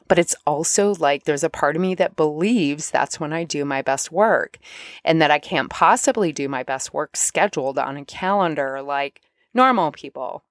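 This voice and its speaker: A middle-aged woman coach talking casually about spiritual self-help, chatty and animated when she acts out her inner dialogue. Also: sits low, moderate pace, dry recording, clean studio sound. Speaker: podcast host and coach.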